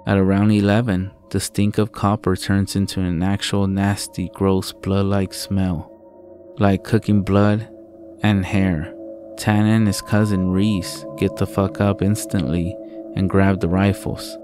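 Deep, flat-voiced horror narrator. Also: male voice, faint music behind. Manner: slow, deliberate, profane storytelling.

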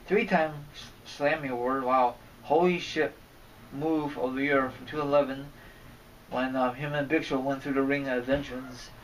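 A man's voice: mid-range voice, fairly even intonation, normal speed. A man giving a rambling, casual rant as a wrestling fan vlogger, cursing and getting irritated as he goes. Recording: distant mic, faint background noise.

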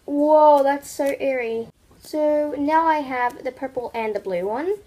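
High-voiced young woman gushing over squishies. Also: unhurried, low-quality recording. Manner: gushing, excitable, many exclamations. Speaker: vlogger. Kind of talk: casual product unboxing.

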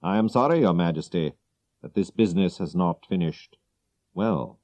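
A man's voice: low voice, lively intonation, normal speed, darkish tone. A man voicing a cool, reserved detective in a storybook reading, with clipped delivery. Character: cool, reserved middle-aged male detective.

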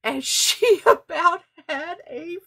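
A woman's voice: very high-pitched, animated, slow pace, creaky, pushed and bright. A woman craft vlogger chatting casually and ramblingly as she shows off her thrift finds, often correcting herself. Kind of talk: casual show-and-tell haul.

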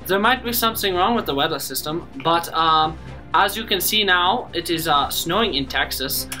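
A young man playing a mock news reporter in a school comedy sketch, hesitant and filling pauses with ums. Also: fairly high pitch, soft background music. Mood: deadpan. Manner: hesitant, full of ums and uhs, deadpan. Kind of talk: amateur comedy news parody.

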